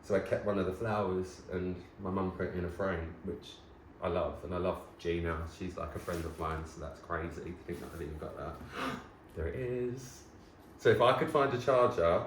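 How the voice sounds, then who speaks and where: An excitable man in his thirties with a low, deep voice, chatting casually to camera as he sorts through his things. He gasps and rattles on in a nostalgic, chatty way. The room is roomy and echoey, with a faint hum of ambience behind him. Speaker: vlogger host. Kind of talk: casual chat.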